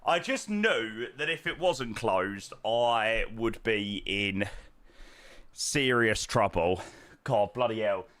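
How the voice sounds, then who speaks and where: A young man chats on a live stream from home, self-deprecating and friendly as he thanks viewers. His pitch moves around a lot in a lively way, and his voice is close and dry. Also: takes it slowly, dry recording. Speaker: flight simulator streamer. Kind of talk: casual live-stream chat.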